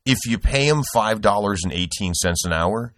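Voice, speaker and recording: A man's voice: on the low side, lively intonation, normal speed, fairly bright tone, no echo, clean studio sound. A middle-aged man hosting a podcast, telling a rambling, profane story with lots of restarts. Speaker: podcast host. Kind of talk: casual podcast chat.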